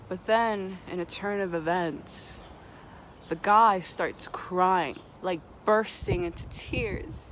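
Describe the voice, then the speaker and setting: A vlogger speaking very slowly and earnestly, lingering on each thought with a melancholy, musing air. The voice sits at a mid pitch, with faint noise in the background. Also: a bit bright. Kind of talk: slow reflective monologue to camera.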